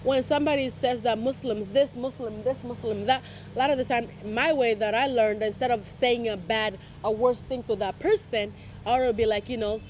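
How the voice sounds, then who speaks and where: Animated young woman telling her view. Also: on the high side, moderate pace, slight background noise. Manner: animated storytelling with quoted voices. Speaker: interviewee. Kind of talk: casual interview.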